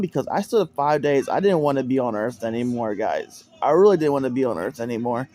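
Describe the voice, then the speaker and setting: A man recounts a personal experience in a casual, rambling monologue, often repeating words and restarting sentences. His medium-pitched voice is animated and mellow, moving quickly with hardly any pauses.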